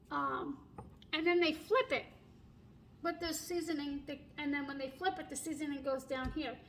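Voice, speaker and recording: A woman's voice: sits high, fairly bright tone, slight background noise, poor audio. A middle-aged woman chatting casually through a home cooking video in her kitchen, laughing often and apologizing as she goes, filming on a phone. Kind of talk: casual cooking vlog chat. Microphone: phone camera held and turned while cooking. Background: pet bird chirping faintly.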